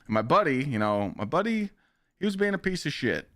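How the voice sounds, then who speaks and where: A man's voice: on the high side, fairly quick, no room sound. Profane man telling a story dry. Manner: profane, animated, acts out quoted lines. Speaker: streamer. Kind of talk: casual storytelling while gaming.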